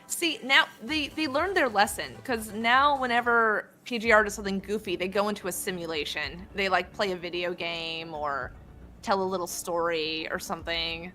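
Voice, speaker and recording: A woman's voice: mid-range voice, normal speed, sharp tone, faint music behind. A woman co-hosting a casual show, laughing often and reading game lines aloud. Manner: giggly, playful, switches into character readings. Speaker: podcast co-host.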